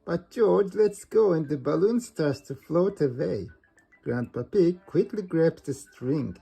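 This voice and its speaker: Slow, husky male reader for a kids' storybook, faint music behind. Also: on the high side, animated, mellow. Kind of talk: reading a storybook aloud.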